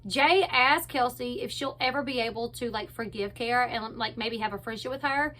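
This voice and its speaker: Woman, high bright voice, casual chatty recapper, loose storytelling flow. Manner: chatty, retells scenes with quoted lines in a quick loose flow. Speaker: reality show recap commentator.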